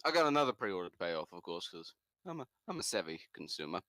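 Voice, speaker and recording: Young NZ man, podcast co-host, animated storyteller with a bright, dry-recorded voice. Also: fast, dry recording. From New Zealand. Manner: animated, jumps into high shouts for quoted lines. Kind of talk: casual storytelling.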